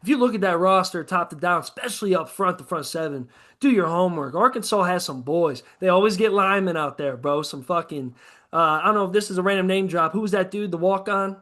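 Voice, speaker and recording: Animated, high-voiced man ranting about sports. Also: fairly quick. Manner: profane, animated ranting with mocking quoted asides. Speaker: podcast co-host. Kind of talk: casual sports chat.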